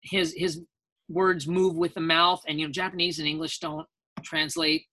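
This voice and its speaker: A man talks as a guest voice actor in a relaxed interview. His voice is bright and forceful. He rambles through anecdotes and acts out the people he quotes. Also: fairly high pitch, moderate pace. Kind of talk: casual interview storytelling.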